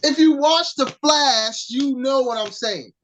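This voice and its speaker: A woman co-hosting a casual podcast chat, teasing her co-host and pausing often as she searches for words. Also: sits high, a little hiss or hum, low-quality recording. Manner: playful teasing, drawn-out pauses.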